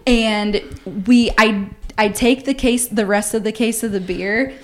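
A woman in her twenties, a podcast host telling a story in a casual, animated, profane way and acting out the voices of the people in it. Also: on the high side, a little slow.

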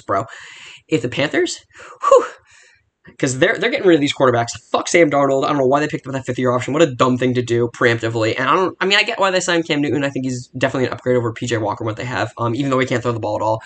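Young male podcast host, quick and profane, heated rambling football rant. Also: medium pitch, a bit bright.

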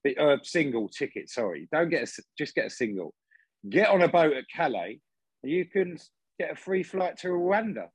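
Husky man with deadpan jokes. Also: a little high, moderate pace, dry recording. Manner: joking, deadpan tongue-in-cheek asides. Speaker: podcast co-host. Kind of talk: casual podcast chat.

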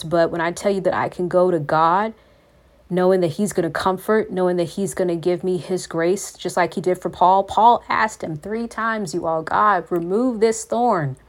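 A woman's voice: on the low side, moderate pace. A woman hosting a faith podcast, talking in an earnest, preachy way and calling her listeners "you all". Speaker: podcast host.

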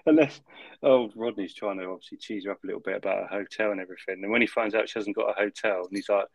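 Man, podcast co-host, casual chat, quick pace, lowish voice. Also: vocal fry, no echo. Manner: chatty, swears casually, quotes scenes in character voices.

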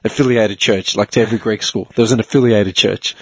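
A man's voice: on the low side, steady tone, brisk, breathy edge. A man, chatting animatedly as a podcast co-host, laughing and swearing freely. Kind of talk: casual chat.

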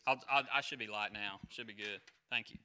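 A pastor in his forties giving a conversational sermon, chatty and quick to quiz the congregation and wander off on side stories. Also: lowish voice, pushed and bright, clean tone. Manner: chatty, asks the crowd questions, goes off on tangents.

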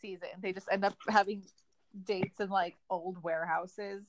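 A woman in her twenties, co-hosting a casual recap podcast, chatting in a relaxed, self-deprecating way. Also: medium pitch, normal speed. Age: 20s. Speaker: podcast co-host.

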